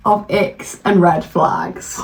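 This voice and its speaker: A woman co-hosting a podcast in casual chat, laughing often and dropping her voice low for emphasis. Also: fairly even intonation, takes it slowly. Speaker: podcast co-host. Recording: distant mic with faint hiss.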